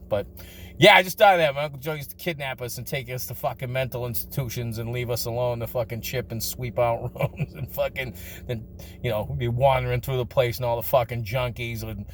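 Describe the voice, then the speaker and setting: A man's voice: mid-range voice, fairly quick, a bit bright. A man telling crude, funny childhood stories in a casual vlog, swearing often and laughing between lines. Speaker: storyteller.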